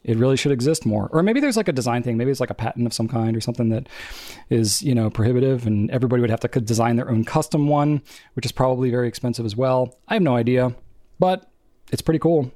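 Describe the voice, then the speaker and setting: A young man co-hosting a podcast in casual chat, talking in chatty, rambling runs with quick asides. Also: mid-range voice, dark tone, no echo, clean studio sound. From family from New England. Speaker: podcast co-host.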